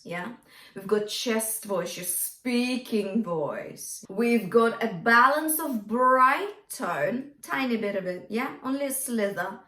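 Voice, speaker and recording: A woman's voice: mid-range voice, fairly bright tone. A woman vocal coach teaching a singing lesson, often checking in with "yeah?" and singing short lines to demonstrate. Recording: roomy, from a distance.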